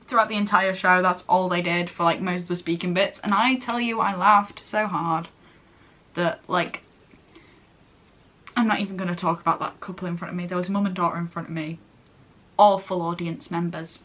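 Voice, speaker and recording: A teenage English vlogger, late teens, chats casually and gushes, rambling and interrupting herself often. She has a medium-pitched, slightly bright voice at normal speed.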